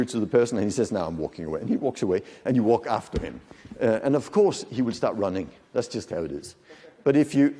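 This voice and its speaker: A male conference speaker with a mellow, mid-pitched voice talks to a large audience. He is animated and demonstrative and keeps asking the room questions. His voice carries a long reverb from the hall. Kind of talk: lecture to an audience.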